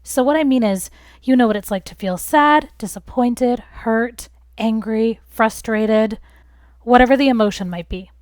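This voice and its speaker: A woman's voice: a little high, unhurried, a little mellow, dry recording. A young woman hosting a relationship advice talk, speaking earnestly and reassuringly and explaining through everyday examples. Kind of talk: casual advice talk to camera.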